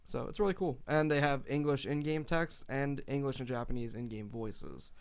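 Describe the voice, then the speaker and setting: Smooth voiced guy chatting about new games, laughs a lot. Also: mid-range voice, moderate pace. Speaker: co-host. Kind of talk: casual chat about game releases.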